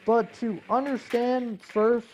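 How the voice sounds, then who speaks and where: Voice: mid-range voice, little pitch movement, slow, darkish tone, highs cut off, slight background noise. A young adult hosting a gaming video, ranting in a casual, profane, rambling way with lots of fillers and restarts.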